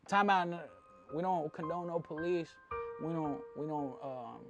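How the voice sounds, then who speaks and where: A man from Mexico City, a jewelry vlogger, giving a rambling, slang-heavy opinion rant with frequent asides. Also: high voice.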